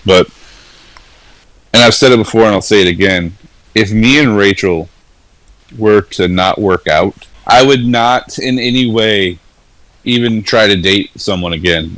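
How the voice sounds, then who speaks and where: Man, 40s, low-pitched, earnest and rambling, dry close podcast mic. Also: unhurried, a bit bright, dry recording, rough recording. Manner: earnest, rambling, laughs easily. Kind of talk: casual candid conversation.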